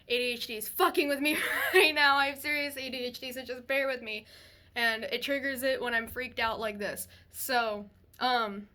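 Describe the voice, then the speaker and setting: High, bright young woman telling a scary story. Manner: rambling, frightened, swears casually. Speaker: storyteller sharing a paranormal experience. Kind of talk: casual storytelling.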